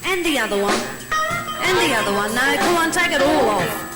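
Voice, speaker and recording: A woman's voice: sits high, lively intonation, a little fast, low-quality recording. Teasing woman bossing a man onstage. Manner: teasing, bossy, playful. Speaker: stage performer and singer. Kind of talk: live stage banter. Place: hotel ballroom stage, live audience. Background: band music.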